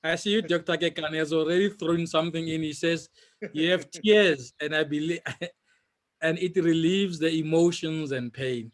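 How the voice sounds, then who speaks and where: Deliberate South African moderator man. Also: fairly high pitch.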